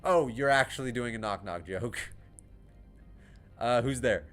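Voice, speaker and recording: A man's voice: mid-range voice, a little slow, fairly bright tone, soft background music. Chatty man streaming a game. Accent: American. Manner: chatty, self-deprecating, laughs often. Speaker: gaming livestreamer. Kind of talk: casual gameplay commentary.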